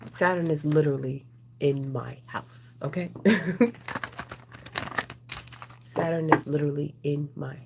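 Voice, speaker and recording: A woman's voice: on the low side, vocal fry, a little mellow. A woman doing a casual, rambling oracle card reading, chatting with her viewers as she goes. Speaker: tarot reader.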